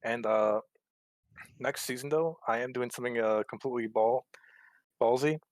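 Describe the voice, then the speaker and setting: A man's voice: medium pitch, normal speed, no echo. An easygoing man, a guest racer, talking about his season with lots of "you know" and "like". His voice sounds dry and close, with no room around it. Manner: easygoing, filler-heavy. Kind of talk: casual interview.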